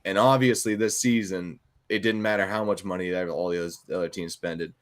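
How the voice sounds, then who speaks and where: Low-voiced young man talking football. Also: quick pace. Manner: relaxed, agreeable, chuckling. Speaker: guest friend. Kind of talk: casual chat about football.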